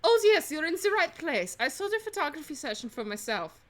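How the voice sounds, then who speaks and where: A woman's voice: high-pitched, big pitch swings, brisk, pitched above the performer's own voice. A woman voicing a prim, courteous giraffe housemaid in a video game, with a put-on French accent. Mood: polite. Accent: mock French. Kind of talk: let's play dialogue reading.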